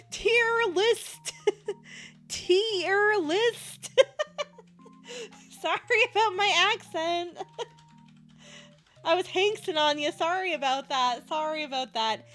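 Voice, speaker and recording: A woman's voice: very high-pitched, slow pace, long pauses, a bit bright, faint music behind. A woman live streamer chatting casually with her viewers, playful and a bit loopy, laughing constantly as she talks.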